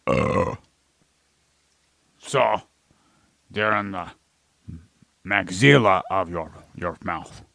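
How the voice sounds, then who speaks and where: Male podcast co-host, deadpan and mock-scientific, slow, gravelly delivery. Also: low-pitched, dry recording. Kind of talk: casual comedic podcast banter.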